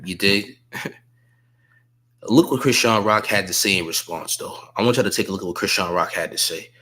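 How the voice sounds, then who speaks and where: A man's voice: on the low side, normal speed, bright, forceful tone, rough recording. A man giving opinionated celebrity news commentary, blunt and emphatic, often repeating slang tags at the end of his points.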